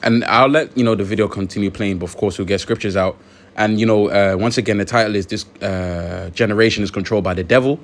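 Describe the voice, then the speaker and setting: Low-voiced man giving scripture commentary. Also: steady tone, fast. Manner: conversational, many fillers and restarts. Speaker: religious video host.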